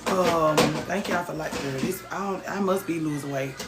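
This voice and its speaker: A woman's voice: sits low, moderate pace, loud music behind the voice. A woman hosting a casual livestream, reading viewer comments aloud and teasing them, swearing freely. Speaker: livestream host. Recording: roomy echo, faint background noise.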